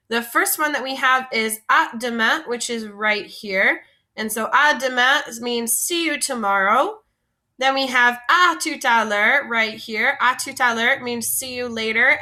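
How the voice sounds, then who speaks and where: Bright-voiced woman teaching vocabulary. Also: fairly high pitch. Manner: patient, explanatory, repeats and recaps. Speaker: French teacher. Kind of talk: classroom vocabulary lesson.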